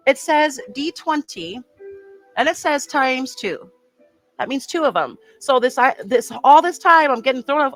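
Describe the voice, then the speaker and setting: A woman's voice: high-pitched, very animated, moderate pace, faint music behind, poor audio. A woman chatting casually as she builds a kit on her toy vlog, rambling and poking fun at herself. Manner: chatty, rambling and self-mocking. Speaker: toy unboxing vlogger.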